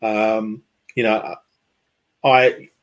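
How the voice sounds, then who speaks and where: A man's voice: fairly low pitch, little pitch movement, extremely slow. Hesitant man chatting on a podcast. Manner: hesitant, many fillers and restarts. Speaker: podcast guest, football club fan liaison. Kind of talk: casual conversational interview.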